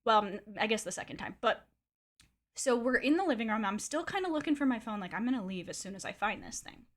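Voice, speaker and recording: A young woman streamer telling a long personal story in a casual, animated way, acting out quotes and swearing freely. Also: on the high side, quick pace.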